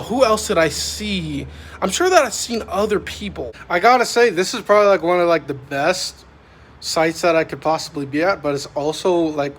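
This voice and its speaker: A man's voice: high-pitched, a bit bright. A man talking casually in a vlog, rambling and meandering with constant filler words. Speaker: vlogger. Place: parked vehicle at night, microwave nearby.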